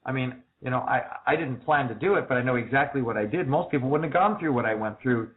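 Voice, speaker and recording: A man answering interview questions, telling stories briskly and acting out the quoted dialogue. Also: medium pitch. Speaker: interview guest. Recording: tinny phone-like audio.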